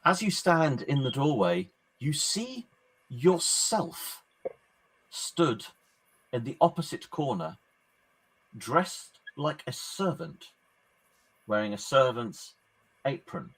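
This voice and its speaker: A man running a horror tabletop game as game master, narrating scenes in a measured, descriptive way with pauses. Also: medium pitch, very animated.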